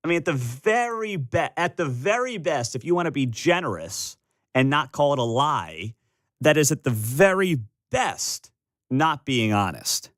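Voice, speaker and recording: A man's voice: fairly high pitch, normal speed, no room sound. A man hosting a Midwestern talk radio show, ranting sarcastically and mimicking people he disagrees with. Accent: Midwestern American. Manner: sarcastic, animated, mocking voices. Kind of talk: opinionated talk radio monologue. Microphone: studio microphone.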